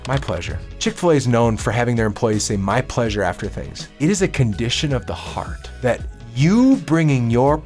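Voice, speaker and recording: A man giving a solo business coaching talk, upbeat and emphatic, with lively swings in pitch.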